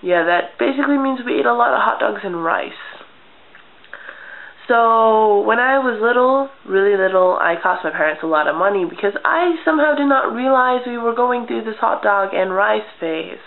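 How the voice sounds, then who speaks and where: A woman's voice: on the high side, normal speed. Chatty young woman, tinny webcam sound. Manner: chatty, deadpan humor, acts out childhood scenes. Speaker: vlogger. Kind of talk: casual storytelling vlog.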